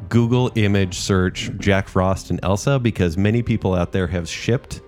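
A man co-hosting a casual movie review chat, enthusiastic and quick to laugh. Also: low voice, a little mellow, faint music behind. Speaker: co-host.

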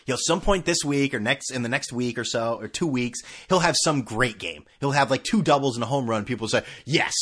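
A man's voice: medium pitch, expressive, brisk, few pauses, a bit bright. A man hosting a sports podcast, ranting sarcastically and swearing. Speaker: podcast host.

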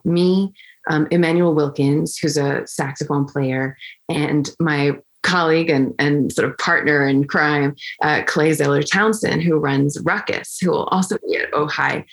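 Sitting low in pitch, this young flutist is a guest on an interview, recounting a story conversationally with plenty of fillers and false starts. She grows animated each time she quotes other people.

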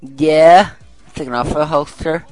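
A man's voice: a little high, measured pace, darkish tone, dry recording, faint music behind. A man co-hosting a casual podcast, joking and teasing his co-host. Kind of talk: casual chat.

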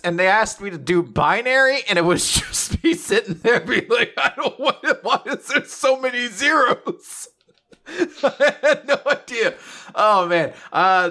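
Young man rambling through a recap. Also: on the high side. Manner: rambling, animated storytelling with laughs. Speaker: podcast co-host. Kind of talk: casual chat recapping a manga chapter.

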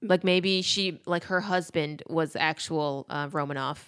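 Young woman, co-host, wry and chatty, slightly lower voice, acts out quotes while retelling a story. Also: a little slow, a bit bright, smooth. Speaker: podcast co-host. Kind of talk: casual chat recapping a film.

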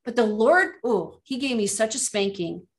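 A middle-aged woman, a ministry leader and coach, chatting as a podcast guest and acting out her own reactions with sudden high pitch jumps. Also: animated, normal speed. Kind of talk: casual faith podcast chat, storytelling.

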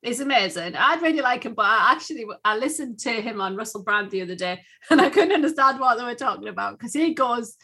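A woman's voice: on the high side, animated, quick pace, few pauses, sharp tone, slightly rough. A woman co-hosting a podcast in casual chat, talking in a chatty, giggly way with many fillers. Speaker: podcast co-host.

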